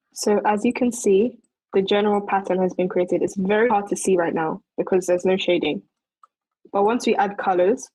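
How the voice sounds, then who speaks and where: A woman's voice: mid-range voice, mellow, dry recording, poor audio. A young woman presenting a casual 3D modeling tutorial, thinking aloud as she works, with loose fillers. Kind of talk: casual screen-recorded tutorial.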